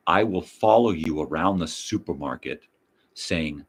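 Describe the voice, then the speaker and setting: A man's voice: deep voice, animated, measured pace, breathy edge. An older man hosting his own show, ranting bluntly with heavy profanity and mocking repetition. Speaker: host. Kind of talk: ranting monologue.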